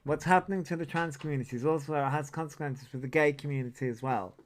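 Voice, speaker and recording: A man's voice: fairly high pitch, fast. A man hosting a casual livestream, rambling off on tangents and swearing often. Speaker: livestream host. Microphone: desk mic that picks up a lot.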